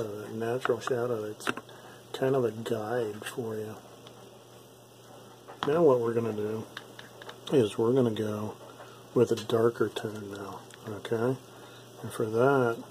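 A man giving a relaxed, step-by-step painting tutorial, repeating himself and checking in with "okay?" often. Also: medium pitch, a little hiss or hum, rough recording. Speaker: miniature painting instructor.

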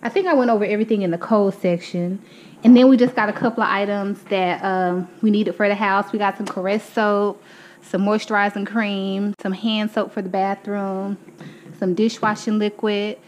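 A woman's voice: mid-range voice, fairly even intonation, normal speed, a little hiss or hum, poor audio. Chatty young woman, out of breath. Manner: chatty, addresses viewers as y'all. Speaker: vlogger. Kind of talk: casual grocery haul walkthrough. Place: home, indoors.

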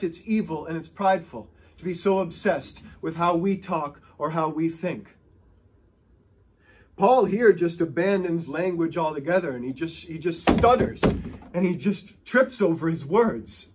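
A man preaching a sermon as pastor in a church, impassioned and exhorting, at times acting out excited stuttering. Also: a little high, husky.

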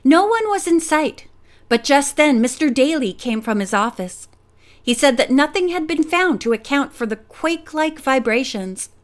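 A woman narrating a mystery novel as an audiobook, clear and even. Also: sits high, normal speed.

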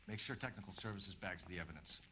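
An actor playing a hard-nosed 1940s police detective in a game cutscene, talking in a stern, clipped way that can flare into threats. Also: male voice, deep voice, animated, quick pace, bright, forceful tone, a little hiss or hum. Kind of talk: video game cutscene acting.

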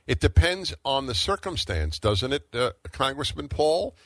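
A man's voice: mid-range voice, big pitch swings, unhurried, a bit bright, no room sound. A middle-aged man hosting a talk radio show, arguing emphatically and firing off rhetorical questions.

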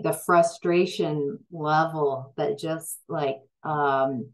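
This woman reading tarot has a low, dark-leaning voice and keeps a steady tone at a slow pace. She hesitates often, using fillers and starting over, and grows emphatic when frustrated. The audio is rough.

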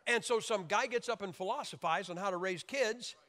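Man, preacher, sermon, emphatic and joking, high voice, bright forceful tone, long hall reverb. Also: brisk. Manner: emphatic, joking, acts out crying babies in high shouts.

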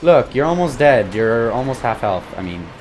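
A young man giving profane, frustrated commentary while playing a video game, muttering and then yelling. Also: medium pitch, sing-song, normal speed, faint music behind. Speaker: gaming YouTuber. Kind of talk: profane live gameplay commentary.

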